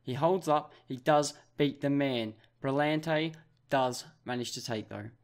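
A young Australian man commentating his football management game, with excitable play-by-play. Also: medium pitch, measured pace. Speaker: gaming YouTuber.

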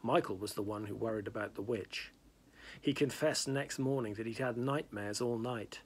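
A man's voice: on the low side, moderate pace, breathy edge. A man reading a novel aloud in plain narration, with small slips and restarts. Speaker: reader.

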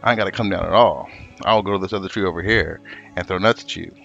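A man's voice: low voice, quick pace, creaky, fairly bright tone, lo-fi sound, faint music behind. A man voicing a smug male squirrel teasing a dog from a tree, cocky and laid-back.

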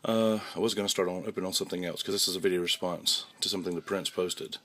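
A young man talking haltingly to his camera in a casual vlog, with many restarts and fillers. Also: low voice, steady tone, sharp tone. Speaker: vlogger. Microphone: handheld camera mic.

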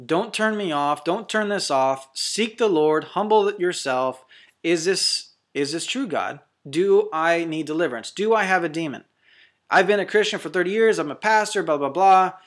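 A man's voice: high-pitched, expressive, moderate pace, a bit bright. A man preaching as a deliverance minister, fervent and confrontational, hammering out short repeated declarations. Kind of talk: preaching sermon to camera.

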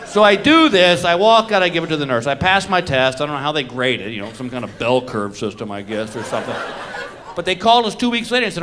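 A middle-aged man telling self-mocking stories in a live stand-up set, acting out his own reactions with animated delivery. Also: fairly high pitch, quick pace. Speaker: stand-up comedian. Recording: noisy live comedy recording.

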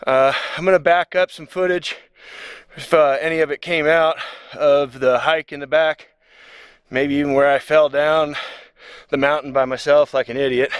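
A man's voice: on the high side, clear, resonant tone, dry recording. A middle-aged man out of breath from hiking, chatting self-deprecatingly in a casual travel vlog from a cold canyon at sunrise. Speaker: travel vlogger.

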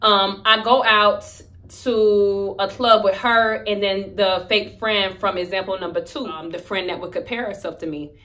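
A young woman chats through a storytime vlog in a bright, forceful voice. She talks in slang and acts out the lines she quotes with lively energy. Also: mid-range voice, normal speed, hardly any pauses. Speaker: vlogger telling a story. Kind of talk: casual storytime chat.

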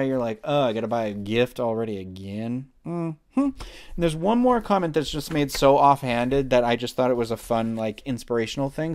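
A man's voice: mid-range voice, darkish tone. A man in his thirties giving a casual, enthusiastic book review, rambling with lots of fillers and restarts. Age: 30s. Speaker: book club vlogger.

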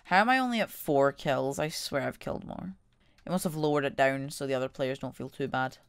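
A woman giving casual gameplay commentary as a gaming YouTuber, excitable and trash-talking, shouting at enemies. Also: rumbling low, a little fast, a little hiss or hum.

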